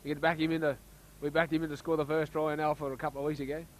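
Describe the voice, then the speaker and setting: An Australian man giving casual, chatty commentary on a local rugby league match, getting excited when play heats up. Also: on the high side, very fast, poor audio.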